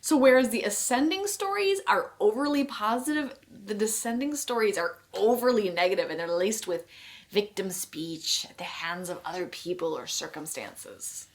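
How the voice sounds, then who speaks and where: A woman co-hosting a marriage course, explaining ideas in an expressive, playful storytelling manner. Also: mid-range voice, normal speed. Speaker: co-host teaching a marriage course. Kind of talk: teaching a video course.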